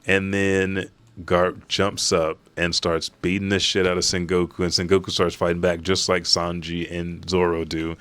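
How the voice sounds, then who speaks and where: A man hosting a manga reaction, retelling a chapter in a profane, animated way. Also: low-pitched, moderate pace, clean tone, dry recording. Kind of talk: casual chapter recap.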